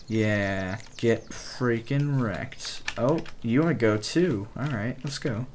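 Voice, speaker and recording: A young man giving casual gameplay commentary, excitable, swearing mildly and sometimes dropping to a whisper. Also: lowish voice, takes it slowly, few pauses, background noise.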